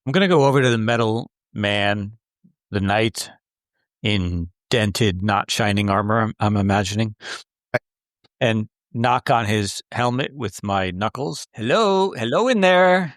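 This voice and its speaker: A man's voice: lowish voice, measured pace, no echo, studio quality. A man playing his character in a tabletop game, speaking in a blunt, stubborn, insistent way. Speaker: player. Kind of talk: in-character tabletop role-play.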